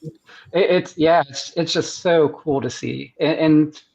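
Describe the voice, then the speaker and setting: A man's voice: on the high side, unhurried, vocal fry, a little mellow. Rambling American man, muffled call audio. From United States. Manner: rambling, restarts often, laughs at his own stories. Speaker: guest artist and foot and ankle surgeon. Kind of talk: casual storytelling on a video-call podcast. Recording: muffled lo-fi sound.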